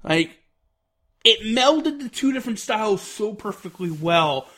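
A man's voice: sits high, animated, measured pace, fairly bright tone. A man giving an enthusiastic, rambling spoken review, full of fillers. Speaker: wrestling reviewer.

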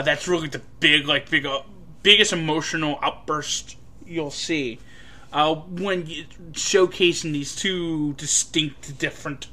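A man giving a casual, rambling film review, full of fillers and an animated delivery. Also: fairly high pitch.

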